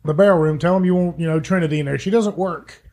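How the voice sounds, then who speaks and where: A man's voice: on the high side, fast talker, a little mellow. A man with an Appalachian American accent co-hosting a podcast, joking dryly and talking folksy and casual. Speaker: podcast co-host. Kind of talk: casual chat.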